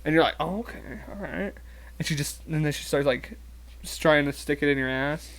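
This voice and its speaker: Crude, slightly high-voiced young man telling stories. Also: little pitch movement, brisk, fairly bright tone. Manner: crude, laughing storyteller, full of "like". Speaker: podcast co-host. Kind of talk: casual chat.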